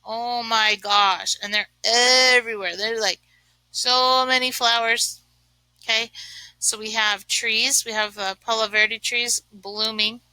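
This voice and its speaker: A woman's voice: fairly high pitch, steady tone, slow pace, bright, forceful tone, smooth, no room sound, low-quality recording. A woman teaching a remote lesson, chatting and thinking aloud as she writes, with many fillers. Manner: chatty, uses lots of fillers. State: sneezing from allergies.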